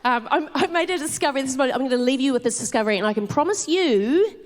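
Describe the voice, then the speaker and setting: Animated New Zealand woman telling stand-up stories. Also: high-pitched, fast. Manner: animated storytelling with swearing and laughter. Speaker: stand-up comedian. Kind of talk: live stand-up set. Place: theatre stage before a live audience.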